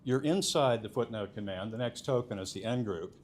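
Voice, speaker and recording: A man's voice: on the low side, a little fast. A man presenting a technical conference talk, explaining step by step with frequent filler sounds. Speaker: conference speaker.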